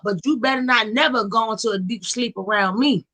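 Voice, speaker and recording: A woman hosting a casual gossip livestream, animated and slangy, quick to laugh. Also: a little high. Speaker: livestream host.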